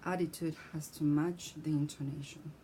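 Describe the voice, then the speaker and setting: A woman with a fairly low, mellow voice explains her lesson clearly and steadily, stopping to speak example sentences. A faint hum runs under the recording. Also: fairly even intonation, moderate pace, poor audio. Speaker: teacher. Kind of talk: scripted lesson on speech.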